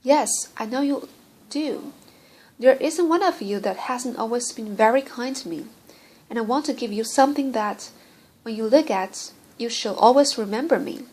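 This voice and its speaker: A woman reading a gentle dying young girl. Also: a little high, normal speed, close to an everyday voice, low-quality recording. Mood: tender. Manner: solemn, pleading, tender. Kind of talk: audiobook character reading.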